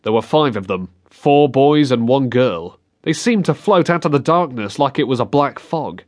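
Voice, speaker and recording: A man reading a novel aloud as an audiobook narrator, in measured, expressive storytelling. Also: mid-range voice. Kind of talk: scripted narration. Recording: dry close studio sound.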